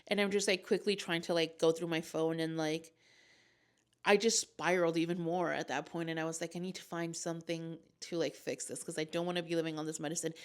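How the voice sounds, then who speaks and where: Young woman vlogging, kinda low voice, rambly and emotional, lots of likes and ums. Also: fairly even intonation, brisk. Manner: emotional, rambling retelling with many fillers. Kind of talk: casual storytelling to camera.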